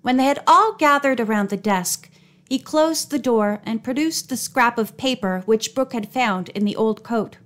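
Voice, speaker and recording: Woman narrator for a kids' mystery audiobook, clear and even, voice on the higher side. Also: moderate pace.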